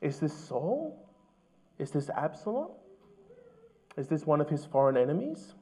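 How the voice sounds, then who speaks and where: A man preaching a sermon as pastor, earnest and measured, asking his listeners questions. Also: fairly high pitch, big pitch swings, darkish tone.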